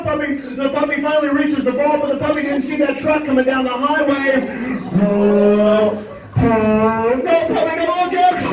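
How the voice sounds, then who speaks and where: Male stage hypnotist, high voice, dramatic storyteller, taped from afar in a booming hall with crowd laughter. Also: recorded from a distance. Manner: dramatic, animated storytelling with sudden shouts. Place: school event hall with an audience. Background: audience laughter.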